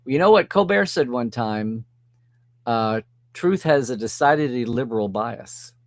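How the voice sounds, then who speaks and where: He's a live-stream host reading and replying to viewer comments in a laid-back way, laughing often. His mid-range voice is expressive and unhurried, and the audio has no echo.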